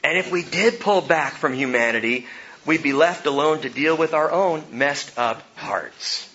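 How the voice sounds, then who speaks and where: A middle-aged male pastor preaching a sermon, swinging between hushed and emphatic delivery. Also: on the high side, lively intonation, unhurried, muffled recording.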